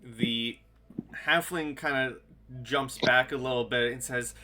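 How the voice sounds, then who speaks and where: Bright-voiced man running a tabletop game. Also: mid-range voice, fairly even intonation. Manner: halting, filler-heavy. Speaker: game master.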